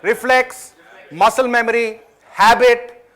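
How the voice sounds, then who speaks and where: A man's voice: very high-pitched, fairly even intonation, takes it slowly, a bit bright. A man from India with an Indian English accent, giving a motivational talk at a management training event. He tells a story in a chatty way and asks the audience questions.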